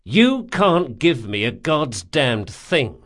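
A man's voice: mid-range voice, big pitch swings, slow, a bit bright, full character voice. A man doing a brash, foul-mouthed thief. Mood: scornful. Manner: swearing, urgent and emphatic. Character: brash male thief, profane and quick-tempered.

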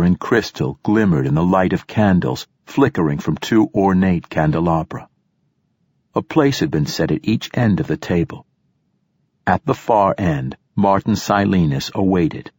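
Low, husky male audiobook narrator. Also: a little mellow, no room sound. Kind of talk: scripted first-person narration.

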